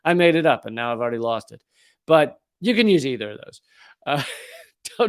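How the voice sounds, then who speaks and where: A man's voice: medium pitch, big pitch swings, fairly quick, long pauses. A man hosting a live-stream commentary, reading from an article and breaking off into sarcastic, joking asides.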